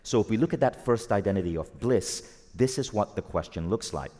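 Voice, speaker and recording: Man, lowish voice, live motivational speaker working an audience, lively and direct, long reverb of a large hall. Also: brisk. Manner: energetic, asks the audience questions, acts out quoted voices.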